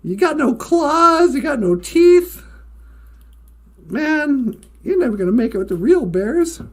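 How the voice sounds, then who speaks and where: A woman's voice: sits high, big pitch swings, slow pace, full character voice. A woman voicing a sly male fox who steals eggs and talks in a cocky, teasing way. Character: sly male fox, boastful egg thief.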